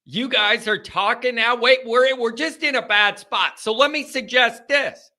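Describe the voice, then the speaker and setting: Exasperated guy hosting a live call-in show, kinda high voice, takes his time, venting to the chat. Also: unhurried, pushed and bright. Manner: rhetorical questions to the audience.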